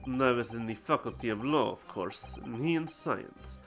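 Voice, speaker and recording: A man's voice: mid-range voice, moderate pace, fairly bright tone, soft background music, close to an everyday voice. A man reading the lines of a cold, composed aristocratic prosecutor in a story game, formal and aloof. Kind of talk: reading game dialogue aloud.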